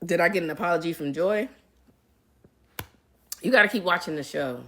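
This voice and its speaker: A woman's voice: lowish voice, moderate pace, fairly bright tone, slight background noise. A middle-aged woman in casual livestream chat. She reads out viewer comments and answers them in a chatty way, calling her viewers y'all. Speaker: reality TV personality answering live viewer comments.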